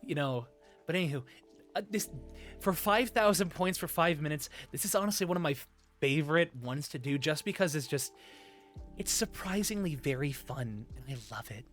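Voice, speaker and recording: A man streaming live, chatting in a soft, breathy, put-on high "femboy" voice close to the mic, giggling and reading chat aloud. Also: animated, normal speed, soft background music.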